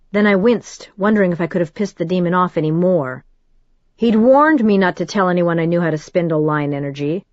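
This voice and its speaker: Woman audiobook narrator, lowish voice, steady first-person storytelling, dry and slightly dull recording. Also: no echo.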